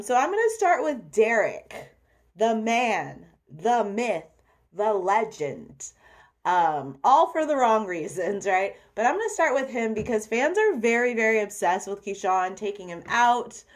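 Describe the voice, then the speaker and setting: Chatty woman hosting a solo podcast. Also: medium pitch. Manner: chatty, candid, self-deprecating. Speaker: podcast host. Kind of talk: casual solo podcast chat.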